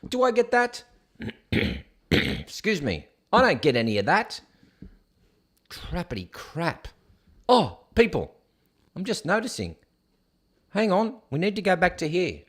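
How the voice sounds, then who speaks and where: A man hosts a casual news show in a sarcastic, scoffing tone as he rants about each headline. His voice sits a little high. It swings up and down a lot as he reacts. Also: wildly swooping pitch, takes it slowly, pauses often, a bit bright. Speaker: show host. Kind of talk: casual news commentary rant.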